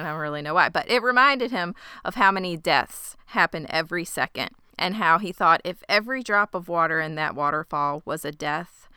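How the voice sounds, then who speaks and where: A woman co-hosting a podcast, casually recapping a TV episode in a soft-spoken way. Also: low-pitched, clear, resonant tone, dry recording, studio quality. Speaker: podcast co-host recapping a show. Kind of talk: casual chat.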